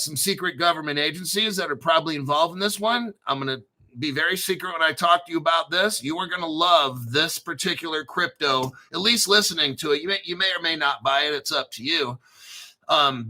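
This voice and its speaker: A man with a fairly high, sharp-edged voice hosts his own crypto channel. He rants casually and profanely, hyped up and rambling, with sudden bursts of emphasis.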